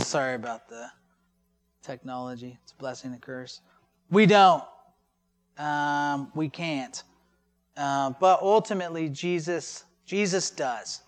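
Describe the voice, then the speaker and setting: A pastor preaches a sermon conversationally, tossing in rhetorical questions and joking asides. His voice is fairly high-pitched and a bit bright.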